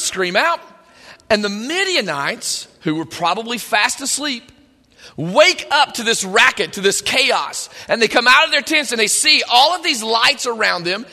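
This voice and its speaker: A man preaching a sermon, retelling a story in an animated, conversational way. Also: extremely high pitch. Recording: long hall reverb.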